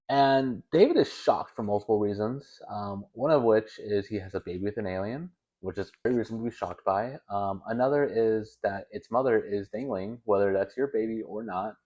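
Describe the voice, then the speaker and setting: A man's voice: on the low side, moderate pace, a little mellow. A young man hosting a video, telling a story in a casual, rambling way with stammers and self-corrections. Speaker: video host.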